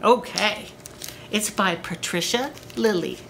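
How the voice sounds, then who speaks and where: A woman librarian reading picture books aloud to small children at story time, slow and expressive. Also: medium pitch, gravelly, slight background noise.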